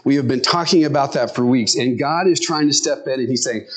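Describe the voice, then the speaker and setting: A middle-aged man preaching a sermon in a conversational way, now and then acting out lines in squeaky voices. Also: brisk, hardly any pauses. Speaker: pastor.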